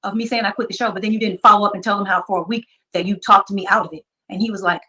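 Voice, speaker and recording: A woman guest telling a story in casual chat, retelling conversations quickly. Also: medium pitch, steady tone, sharp tone. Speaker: podcast guest.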